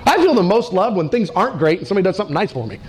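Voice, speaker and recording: A middle-aged man preaching a sermon, acting out quoted voices and slowing down for emphasis. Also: sits high, big pitch swings, a little mellow. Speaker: pastor.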